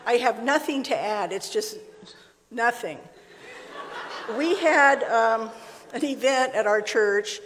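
A woman's voice: a little high, lively intonation, slow pace, long pauses, a bit bright, a little hiss or hum. A middle-aged woman giving a conversational sermon to a women's gathering, telling stories with frequent laughs and acted-out dialogue. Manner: chatty storytelling, laughs often, acts out dialogue. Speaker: speaker at a women's church gathering. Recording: long reverb of a hall.

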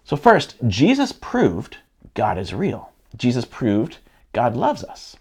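Middle-aged pastor guy preaching, chatty and earnest, pitch jumps around a lot. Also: wildly swooping pitch, takes it slowly, darkish tone, husky. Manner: earnest, conversational, with many restarts. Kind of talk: sermon-style teaching.

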